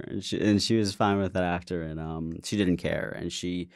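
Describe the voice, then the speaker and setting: A man's voice: low-pitched, fairly even intonation, normal speed, smooth, no room sound, studio quality. A man hosting his own show, telling a personal story in a candid, casual way, swearing and stammering as he goes. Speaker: podcast host.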